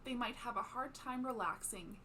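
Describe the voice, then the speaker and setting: A woman presents a scripted psychology lesson in a calm, explanatory way. Her voice sits fairly high, with a faint hiss in the background. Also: moderate pace. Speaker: psychology educator. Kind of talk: scripted educational narration.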